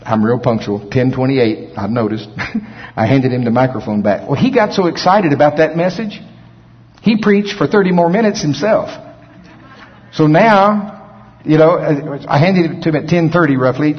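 A man preaching a storytelling sermon and telling folksy, animated anecdotes. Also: a little high, moderate pace, big-room sound, dull audio. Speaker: pastor.

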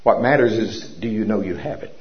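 A man's voice: fairly low pitch, a little fast. A man preaching a sermon in a church service, telling a personal story and making commanding declarations of faith. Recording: dull lo-fi recording.

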